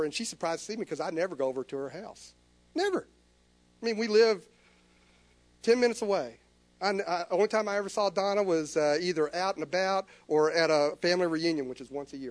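A man with a high voice preaches a sermon and tells a personal story with earnest feeling. He acts out his own conversations as he goes. The sound is dry and close, with no room echo. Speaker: pastor.

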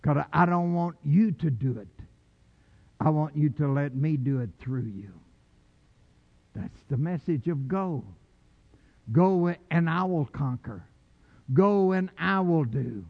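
An older man preaching a sermon with fervor, swinging from low quiet lines to shouted calls. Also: lively intonation, slow, pauses often. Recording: muffled, echoey hall.

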